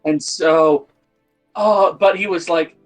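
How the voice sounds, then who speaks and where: A man's voice: fairly high pitch, takes it slowly, faint music behind, poor audio. A man chatting casually on a livestream, telling a rambling story with lots of restarts and swearing. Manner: rambling, excitable, swears freely, restarts sentences. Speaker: tabletop game player on a livestream. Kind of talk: casual chat.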